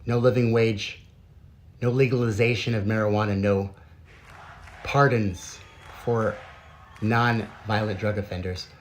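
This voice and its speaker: A man's voice: on the low side, steady tone, measured pace, pauses often. Sarcastic male political commentator. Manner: mocking, ironic.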